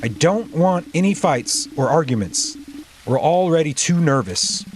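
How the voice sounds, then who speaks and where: A man's voice: a little high, animated, a little slow, slight background noise. A man streaming a live game playthrough, reading the dialogue aloud in a playful, jokey way.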